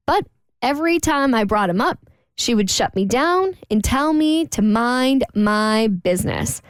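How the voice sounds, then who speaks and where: A woman co-hosting a radio talk show, reading a listener's letter aloud in a lively, chatty way. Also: fairly high pitch, measured pace, clear, resonant tone, no room sound. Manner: lively, chatty, laughs between lines.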